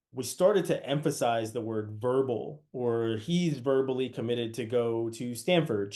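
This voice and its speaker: A man's voice: mid-range voice, a little mellow. Conversational male podcast host. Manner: conversational, many restarts and asides. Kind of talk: casual podcast discussion.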